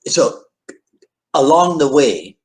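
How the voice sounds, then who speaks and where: A man hosting an interview podcast, asking questions with halting restarts and lots of yeahs. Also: on the high side. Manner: animated, halting restarts, frequent backchannel. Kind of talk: casual interview conversation.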